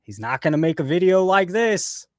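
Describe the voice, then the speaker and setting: A man's voice: high-pitched, sing-song, moderate pace, no room sound, studio quality. A man hosting a casual live show, ranting and sarcastic with frequent swearing. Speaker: host.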